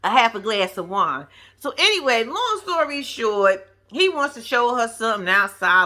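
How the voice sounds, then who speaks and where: Animated, high, bright-voiced woman recapping TV. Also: normal speed. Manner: animated storyteller, slangy, acts out quotes. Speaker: reality TV recap vlogger. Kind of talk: casual recap commentary.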